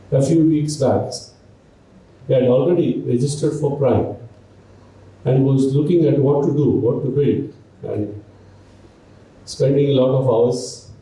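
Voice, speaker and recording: A man giving a humorous storytelling speech at a college event, relaxed and anecdotal with asides to the audience. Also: medium pitch. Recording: echoey hall from far off.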